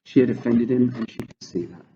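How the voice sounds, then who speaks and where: A man calmly reading a children's book aloud. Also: mid-range voice, fairly quick, lo-fi sound, slight background noise. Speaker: storyteller.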